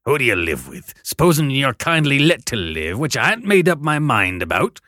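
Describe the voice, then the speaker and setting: A man voicing a rough, hungry escaped convict who barks gruff threats in coarse rustic speech. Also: medium pitch, very animated, normal speed, bright, forceful tone, no room sound, clean studio sound, pitched above the performer's own voice. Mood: menacing. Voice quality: gruff, growling.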